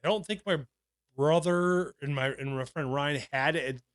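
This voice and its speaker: His voice fairly high and his pace moderate, a thirtysomething podcast co-host tells meandering, foul-mouthed stories in casual conversation, restarting often. The sound is clean studio quality with no room sound.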